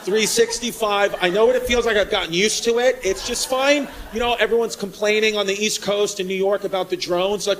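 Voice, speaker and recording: A male stand-up comedian performing a brash set on a comedy club stage, shouting punchlines over a laughing crowd. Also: sits high, a little fast. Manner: brash, loud bursts of shouting. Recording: live club recording with crowd noise.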